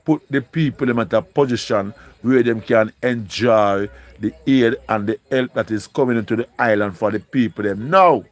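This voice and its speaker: A man's voice: mid-range voice, normal speed, few pauses. Pleading Jamaican man on a live stream. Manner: pleading, repetitive, emotional, speaks in Jamaican Patois. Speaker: livestreamer. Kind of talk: live-stream appeal to viewers.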